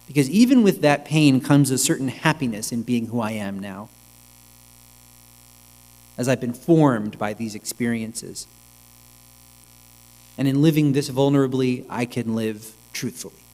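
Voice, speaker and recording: A male rabbi giving a reflective, measured sermon, with pauses, in a synagogue sanctuary. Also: mid-range voice, a little mellow. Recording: long reverb with mains hum.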